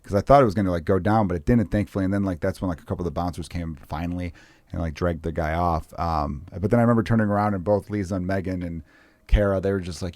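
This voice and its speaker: Guy in his 30s rattling off cussing stories fast, low voice, dry close sound. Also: no room sound. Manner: profane, animated storyteller. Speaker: comedian guest. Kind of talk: casual podcast storytelling.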